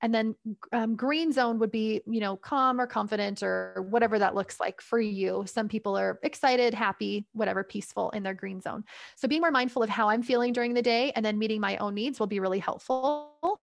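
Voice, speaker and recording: Appearing as a guest on a podcast interview, a woman parenting coach gives advice in a brisk, fairly high voice with vocal fry. The sound is clean studio audio with no room sound, and she stays upbeat and chatty, laughing between tips.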